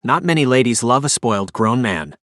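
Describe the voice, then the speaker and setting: A spoiled, snooty heir who talks down to everyone, voiced by a male narrator. His lines come out haughty and sneering at a middling pitch. The audiobook recording is dry and close. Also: expressive, fairly quick, a bit bright, dry recording, close to an everyday voice. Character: spoiled, snooty rich young man.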